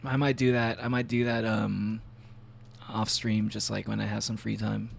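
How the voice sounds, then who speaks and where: A man's voice: fairly low pitch, little pitch movement, normal speed, gravelly, a little hiss or hum. A man chatting casually on a game stream, rambling with many fillers and frequent laughs. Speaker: VTuber streamer.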